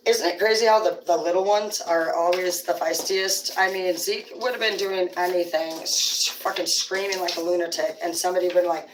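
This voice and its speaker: A woman's voice: lowish voice, fairly even intonation, fairly quick, hardly any pauses, a little hiss or hum. Rambling, foul-mouthed woman livestreaming. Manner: rambling, profane storytelling. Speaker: livestream host. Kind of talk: casual livestream chat. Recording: roomy sound from a distant mic.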